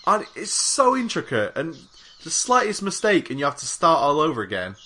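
A man's voice: fairly high pitch, wildly swooping pitch, moderate pace, bright, forceful tone. A young man on a gaming podcast, rambling through a casual chat with lots of fillers. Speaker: podcast co-host.

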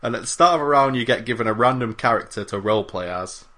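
A man's voice: medium pitch, fast, sharp tone. A man co-hosting a podcast in casual chat, rambling and self-mocking with plenty of swearing. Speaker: podcast co-host.

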